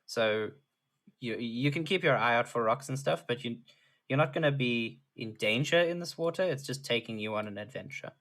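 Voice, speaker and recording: Relaxed man running a tabletop game. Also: medium pitch, normal speed. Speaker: game master.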